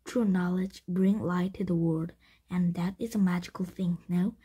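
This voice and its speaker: Calm wise caravan leader read by a breathy woman. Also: lowish voice, normal speed. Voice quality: breathy, half-whispered.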